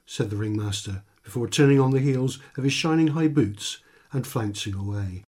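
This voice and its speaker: A man's voice: mid-range voice, normal speed, darkish tone. A man reading his own comic short story for radio in a dry, wry first-person narration. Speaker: author and reader.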